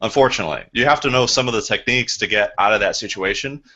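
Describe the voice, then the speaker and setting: Bright-voiced man telling a sales story. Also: on the low side, fast talker, muffled recording. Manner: animated storyteller, acts out phone calls. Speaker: real estate agent.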